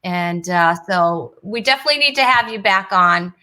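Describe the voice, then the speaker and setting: Bright, chatty female talk show host. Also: medium pitch, lively intonation, moderate pace, rough recording. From New England. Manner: chatty, laughs often, many fillers. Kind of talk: casual chat.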